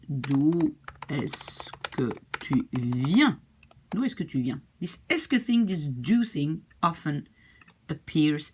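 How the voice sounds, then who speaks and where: A woman with a Dutch accent teaching a language lesson, patiently repeating phrases slowly. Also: fairly low pitch, slightly rough.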